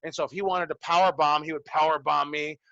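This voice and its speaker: Profane forty-something wrestling coach. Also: male voice, on the high side, steady tone, fast, gravelly, bright, forceful tone, dry recording, dull audio. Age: 40s. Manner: loose, profane, storytelling with acted quotes. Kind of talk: casual classroom talk to students. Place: training school.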